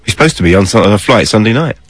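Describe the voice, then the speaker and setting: A low, husky male voice trading dry, teasing remarks on a radio show. His pitch moves around freely, and the sound is close and dry. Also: lively intonation, racing, fairly bright tone, no room sound. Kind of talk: casual radio banter.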